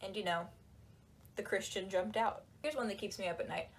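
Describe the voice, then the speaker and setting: A woman talking in a casual, animated and sarcastic way, with lots of "like"s, while she folds laundry. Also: mid-range voice, fairly quick. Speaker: book reviewer. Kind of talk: casual chat.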